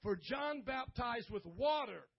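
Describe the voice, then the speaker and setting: A youth pastor preaching a sermon with emphasis, calling on the listeners to answer back, then dropping to a hushed, close tone. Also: male voice, very high voice, lively intonation, takes it slowly, vocal fry, breathy edge. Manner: emphatic preacher, calls on the audience to respond; swings between loud exhortation and hushed, intimate delivery. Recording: dull lo-fi audio.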